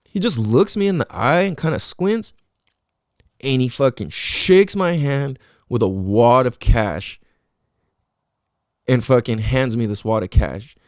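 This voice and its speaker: A man's voice: mid-range voice, animated, a little slow, long pauses, a little mellow, no echo, studio quality. A man hosting a podcast, telling a story casually and swearing a lot. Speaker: podcast host.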